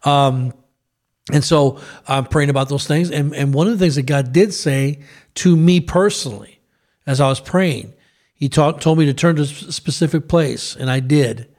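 A man co-hosting a Christian talk show, retelling a Bible story in a lively, conversational preaching manner with asides. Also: a little high, moderate pace. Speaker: pastor co-host.

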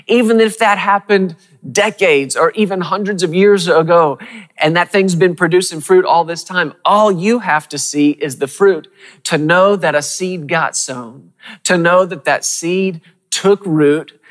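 A man preaching a sermon, who speaks emphatically, repeats key phrases, asks his listeners questions, and reads scripture slowly and deliberately. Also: fairly high pitch, fairly bright tone. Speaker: pastor. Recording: long hall reverb.

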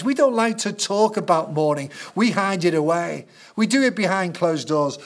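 Earnest male preacher. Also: high voice. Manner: storytelling, earnest and emphatic. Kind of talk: sermon.

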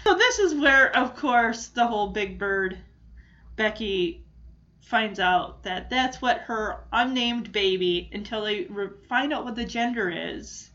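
A woman's voice: a little high, animated, slow, pushed and bright, lo-fi sound. A woman gushing enthusiastically as she recaps a sitcom episode in casual talk. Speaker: show recap host.

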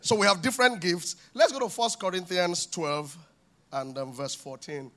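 A man preaching a sermon in a church with a high, bright voice. He is animated, slipping into little acted-out scenes and voices as he talks. The tone stays lively throughout. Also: normal speed. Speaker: pastor.

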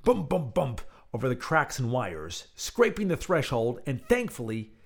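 A man hosts his own show and reads out a story he wrote. He talks in a relaxed, chatty way, with a lively voice that rises and falls a lot in pitch. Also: measured pace, gravelly, breathy edge. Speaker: podcast host and storyteller. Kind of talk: casual chat and audio story narration.

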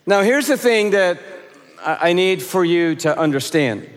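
A man preaching a conference sermon, playful and animated, rising and dropping his voice for emphasis. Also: high-pitched, unhurried, slight background noise. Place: large conference hall stage. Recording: long hall reverb.

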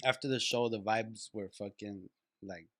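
A man's voice: lowish voice, moderate pace, fairly bright tone, no room sound. A man co-hosting a podcast in a studio, laughing and cursing through loose, casual storytelling. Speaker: podcast co-host. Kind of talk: casual chat.

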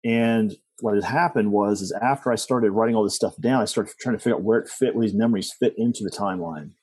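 A man's voice: lowish voice, fast, a little mellow, slightly rough, no room sound. A middle-aged man telling personal stories as a guest, rambling with restarts and asides. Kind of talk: personal storytelling in conversation.

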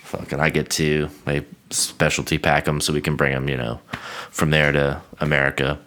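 Very deep-voiced monotone man. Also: moderate pace. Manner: self-described monotone, swears freely. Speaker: podcast host; military veteran. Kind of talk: casual chat over drinks.

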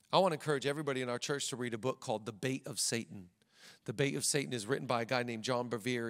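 A pastor preaching a sermon, animated and acting out quotes in character voices, in a large church hall. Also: male voice, medium pitch. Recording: long hall reverb.

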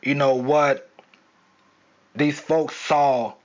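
A man's voice: on the high side, fairly even intonation, very slow. A young man with a Southern accent hosting an unscripted solo podcast, talking casually with lots of fillers. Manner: casual, rambling, many fillers. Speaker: podcast host. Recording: dull lo-fi sound.

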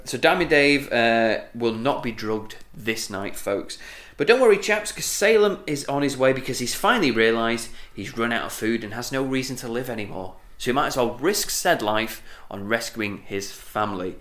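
A man's voice: medium pitch, animated, moderate pace, hardly any pauses, fairly bright tone. Man recapping a show, roomy sound. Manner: playful, summarising with jokey asides. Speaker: podcast co-host recapping an episode. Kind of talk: casual recap and chat. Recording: roomy echo.

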